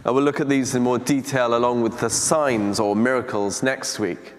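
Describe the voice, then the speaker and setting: A man preaching a teaching talk on scripture in a church, speaking in a measured, deliberate way with reflective pauses. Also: mid-range voice, fairly even intonation. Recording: long church reverb.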